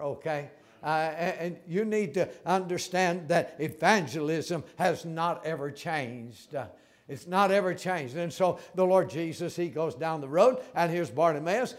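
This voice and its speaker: Emphatic high-voiced preacher man. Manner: folksy, emphatic preaching with repeated words and stammered restarts. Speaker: pastor. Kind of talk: sermon.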